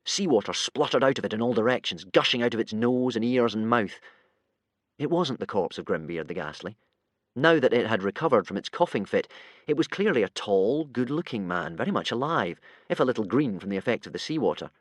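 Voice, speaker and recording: Lively male audiobook narrator. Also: mid-range voice, fairly quick, no echo. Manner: lively, voices many characters. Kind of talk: expressive audiobook reading.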